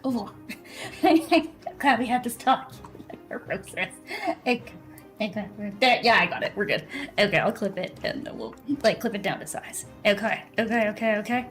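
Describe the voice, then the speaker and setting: A bubbly woman streaming a game talks casually to her chat and a teammate, full of fillers and laughter. Her voice sits at a middle pitch, and soft music plays faintly underneath. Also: animated, moderate pace. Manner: chatty and bubbly, laughs often, many fillers. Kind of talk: casual live-stream chat while gaming.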